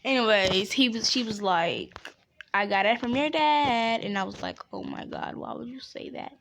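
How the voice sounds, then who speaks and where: A woman's voice: fairly high pitch, normal speed, creaky, fairly bright tone. Woman, casual story time over gameplay, rambling, chatty, faint background noise. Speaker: gaming storyteller. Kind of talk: casual story time while playing a game.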